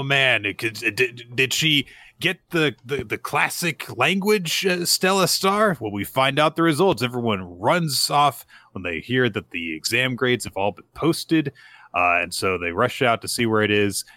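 Podcast co-host, male, chatty recapper who acts out characters' lines, bright voice. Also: mid-range voice, dry recording. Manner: restarts and fillers. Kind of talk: casual chat recapping manga chapters.

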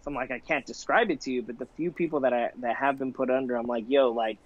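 A man's voice: medium pitch, fast talker. Laughing, profane young man with a dull lo-fi sound. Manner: profane, laughing, animated storyteller with filler "like". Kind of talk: casual podcast chat.

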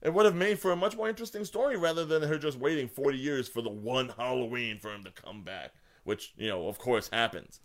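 A man co-hosting a casual podcast chat, ranting with big jumps in pitch when worked up. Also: brisk, few pauses. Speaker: podcast co-host.

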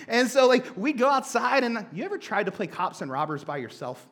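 A young man preaching a sermon, telling a childhood story with animated, conversational energy. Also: high voice, brisk, hardly any pauses. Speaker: pastor.

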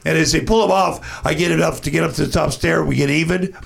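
A man telling an animated, profanity-laced anecdote as a podcast guest, acting out what others said. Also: on the high side, fast talker, creaky. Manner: acts out other people's lines. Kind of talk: casual storytelling.

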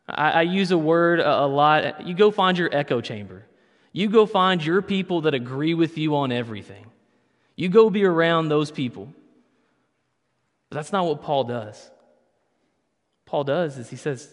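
A man's voice: fairly high pitch, moderate pace. A man preaching a sermon as pastor, conversational with playful asides. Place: church sanctuary. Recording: long reverb of a church hall.

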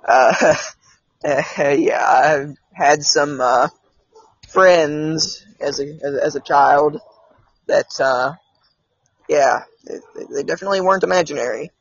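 A podcast host with a fairly high, breathy voice speaks slowly, telling his own stories in a rambling, hesitant way and restarting often. The recording is dry with no room sound and slightly dull.

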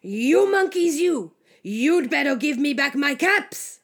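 Woman doing a grumpy storybook cap seller, loud and scolding. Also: high-pitched, lively intonation, slow pace, full character voice. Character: frustrated male cap peddler shouting.

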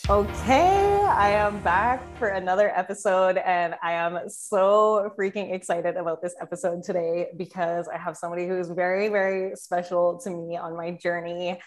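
A woman's voice: lowish voice, moderate pace, few pauses, soft background music. A woman hosting a business podcast, gushing and laughing often as she introduces her guest. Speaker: podcast host. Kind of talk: casual podcast chat.

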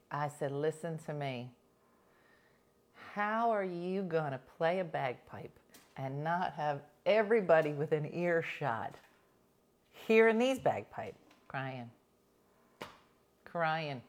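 A woman's voice: deep voice, slow pace, pauses often. A woman co-hosting a talk show, telling stories in casual chat with lots of "like". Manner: animated storytelling, heavy use of "like".

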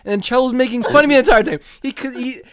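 A man's voice: very high voice, racing, dry recording. A man in casual chat, self-deprecating and laughing often as he recounts a hunt. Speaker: podcast guest, novice hunter.

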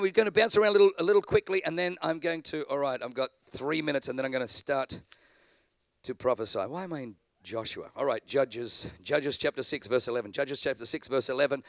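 A man delivering a sermon with a high-pitched, gravelly voice. He moves between shouted, fervent peaks and quiet, conversational asides, often acting out the people in his stories. The sound is dry and close, with no room echo. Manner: dramatic, swings from shouting to low asides, acts out characters. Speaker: preacher.

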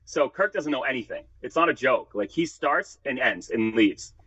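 A man who is a podcast guest, telling rambling, animated stories in casual chat and acting out what others said. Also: medium pitch, normal speed, slightly rough, no room sound. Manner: rambling, animated storytelling, acts out quoted voices. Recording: dry, dull lo-fi sound.

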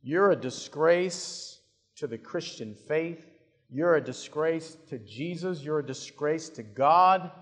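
A scolding, self-righteous accuser voiced by a male preacher hammers home each condemnation, pitched high and pressing hard. It is heard from a hall with a long reverb, and the words come slowly and deliberately. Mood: condemning. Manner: indignant, condemning, rising emphasis.

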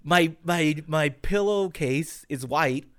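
A man co-hosting a podcast, telling animated stories full of swearing and quick restarts. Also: a little high. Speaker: podcast co-host. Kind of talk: casual chat.

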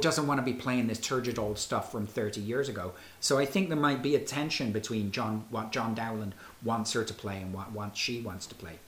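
Wry man in an echoey room. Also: mid-range voice. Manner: wry, lively, hesitant restarts. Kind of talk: scholarly discussion. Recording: roomy echo.

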